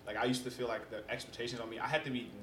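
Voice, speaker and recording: A young man in casual conversation as a podcast guest, telling stories in an animated way and acting out what people said. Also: mid-range voice, racing, a little hiss or hum. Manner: animated storyteller who acts out quotes. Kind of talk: casual chat. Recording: roomy echo.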